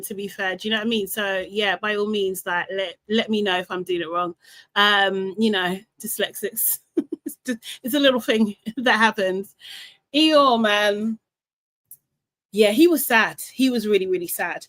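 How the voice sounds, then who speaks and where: A young woman hosts a casual live recap stream, chatty and animated, laughing often and reading out comments from the chat. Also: mid-range voice. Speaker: live show host.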